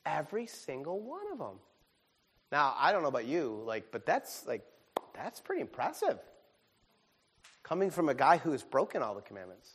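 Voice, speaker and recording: A man with a high voice preaches a sermon. He is animated and self-deprecating, dropping to quiet asides and then jumping to shouted exclamations. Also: moderate pace, pauses often, breathy edge. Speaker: pastor.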